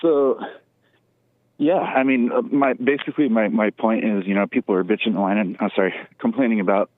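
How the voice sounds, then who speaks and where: A man calling in by phone while walking his dog outside, out of breath, reading a passage aloud haltingly and giving blunt opinions. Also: lowish voice, fairly even intonation, dry recording. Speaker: caller. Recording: tinny phone line.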